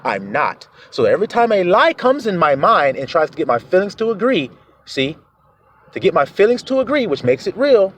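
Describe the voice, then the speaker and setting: An animated preacher delivers a sermon, his voice sitting a little high for a man. His pitch swings widely as he slips into the voices of the people he quotes. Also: moderate pace, slight background noise.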